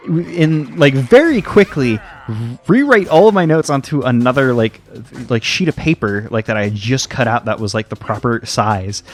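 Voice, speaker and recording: A young American man giving casual, rambling commentary over a video game, full of fillers and side stories. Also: mid-range voice. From United States. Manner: rambling, tangent-prone, heavy on fillers. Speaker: let's play host.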